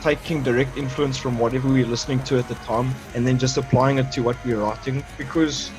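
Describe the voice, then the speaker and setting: A man's voice: mid-range voice, steady tone, a little fast, music in the background, rough recording. A man, a guitarist guest on a video call, talking in a laid-back, candid way. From South Africa. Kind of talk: casual interview chat.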